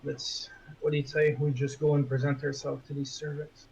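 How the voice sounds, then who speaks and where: A man's voice: a little high, little pitch movement, normal speed, darkish tone. A man playing a tabletop role-playing game, talking earnestly in character and often restarting his phrases. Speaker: player. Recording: dull lo-fi mic with faint noise.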